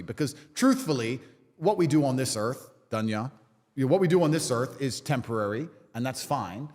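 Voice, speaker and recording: A man's voice: mid-range voice, expressive, moderate pace, a little mellow, big-room sound. A man in a casual podcast conversation, talking in a defiant, emphatic way and swearing freely. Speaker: podcast guest.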